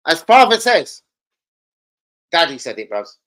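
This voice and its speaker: A man with a British accent hosting a casual football fan livestream, ranting excitably and swearing freely. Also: medium pitch, slow, long pauses, low-quality recording. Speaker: live stream host.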